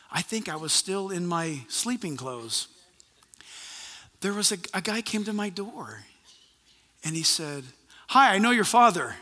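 A male pastor delivers his sermon with lively, story-driven energy, acting out little conversations as he goes. His voice sits very high and rings sharp and bright. The sound carries a long reverberant trail from a large hall. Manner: animated storytelling, acts out conversations.

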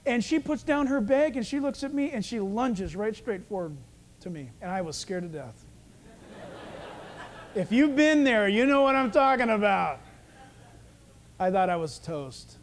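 Guy preaching in church, high voice, really animated, acts out the dialogue. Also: a little slow. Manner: animated storytelling, acting out dialogue. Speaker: pastor. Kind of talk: sermon.

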